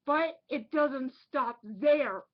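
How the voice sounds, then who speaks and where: Woman reviewer, high and deliberate, ranting with emphatic repeats, muffled home recording. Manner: indignant, emphatic, repeats herself for effect. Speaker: online movie reviewer.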